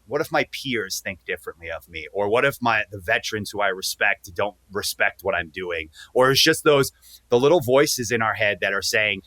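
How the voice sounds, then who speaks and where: Male podcast guest, bright forceful tone, earnest and animated. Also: medium pitch, no room sound. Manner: earnest, animated, speeds up when excited. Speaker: podcast guest, pro wrestler. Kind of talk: casual interview storytelling.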